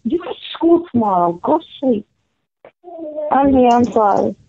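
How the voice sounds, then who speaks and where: A woman's voice: fairly high pitch, lively intonation, unhurried, creaky, warm tone. A mother calling in to a Bible study chat, speaking casually and unhurriedly. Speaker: caller, mother. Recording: dull, lo-fi line.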